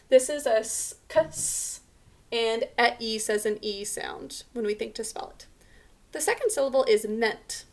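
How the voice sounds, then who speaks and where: Woman teacher, kinda high voice, sounds out spelling words slow and patient. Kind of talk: remote spelling lesson for children.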